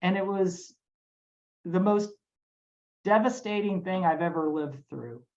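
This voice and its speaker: A woman who runs restaurants, telling a personal story in an earnest, halting way during a webinar talk. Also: fairly low pitch, darkish tone, dull audio. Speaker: restaurant owner. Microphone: webinar microphone.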